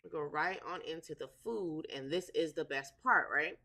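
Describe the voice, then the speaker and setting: A woman hosting a casual live stream, chatting in a relaxed way, repeating words and filling pauses with "um". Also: deep voice. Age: adult with a daughter. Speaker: livestream host.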